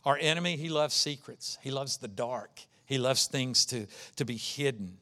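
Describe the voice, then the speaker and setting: A man's voice: mid-range voice, normal speed, pushed and bright. A man preaching an earnest sermon as pastor, acting out the voices he quotes.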